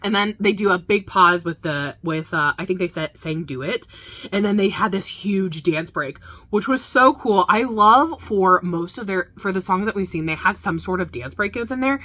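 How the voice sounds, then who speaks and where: Bright-voiced gushing woman reacting. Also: mid-range voice, normal speed, no room sound. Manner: gushing, enthusiastic, full of fillers. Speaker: music video reaction host. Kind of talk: casual reaction commentary.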